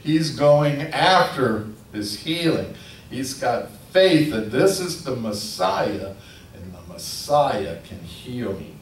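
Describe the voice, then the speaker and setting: A man preaching a sermon, telling the story in a lively storytelling manner. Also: medium pitch, slow pace. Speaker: pastor. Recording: echoey room from a distance, faint noise.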